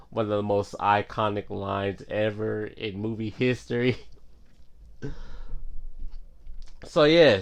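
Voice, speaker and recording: A man casually retelling a movie plot for his review show, in a laid-back way with lots of filler words and restarts. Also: on the low side.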